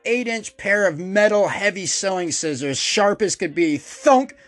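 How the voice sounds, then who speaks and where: Podcast host, male, high voice, dry close sound, swears a lot, acts out the quotes loudly. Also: moderate pace, no echo, faint music behind. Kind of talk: casual storytelling monologue.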